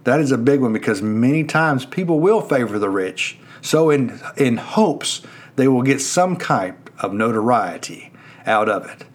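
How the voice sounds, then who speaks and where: A man's voice: mid-range voice, lively intonation, unhurried. A man preaching a sermon, earnestly questioning his listeners with rising and falling emphasis.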